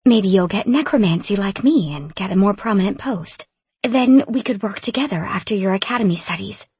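A woman's voice: medium pitch, lively intonation, fairly quick, slightly rough, no room sound. Woman reading as a weary, resigned mother. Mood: hopeful. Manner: grave, resigned, softly spoken. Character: weary grieving mother, middle-aged woman.

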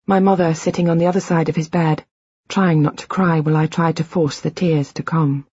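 A woman reading a first-person audiobook in a measured, reflective, quietly intimate way. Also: low-pitched, steady tone, husky, no room sound, highs cut off. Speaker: audiobook narrator.

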